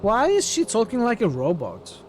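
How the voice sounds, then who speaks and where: A man's voice: sits high, wildly swooping pitch, normal speed, a little hiss or hum. Man musing over gameplay. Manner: thinking aloud, hesitant with fillers. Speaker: streamer. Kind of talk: casual gameplay commentary.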